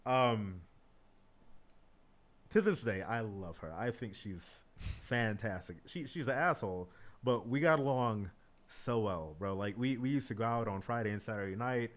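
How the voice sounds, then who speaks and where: A man's voice: lowish voice, measured pace. A man in his thirties telling stories as a guest in a casual chat. He swears freely and often says "like" and "bro". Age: 30s.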